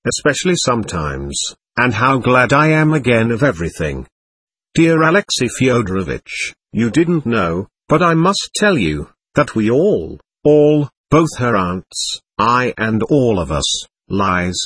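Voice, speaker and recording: A man reading the lines of a fussy, excitable middle-aged lady who gushes in breathless exclamations. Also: medium pitch, unhurried, husky, full character voice. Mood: gushing.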